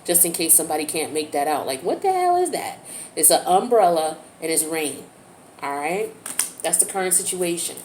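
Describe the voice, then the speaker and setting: A woman's voice: low voice, moderate pace, darkish tone, slight background noise. A woman giving a casual tarot reading in a chatty, slang-filled way. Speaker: tarot reader.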